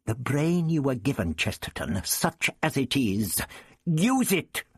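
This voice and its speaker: A man's voice: medium pitch, sing-song, takes it slowly, slightly rough, no room sound, studio quality, pitched above the performer's own voice, heavily acted. A man voicing an irascible elderly male time traveller who barks commands impatiently.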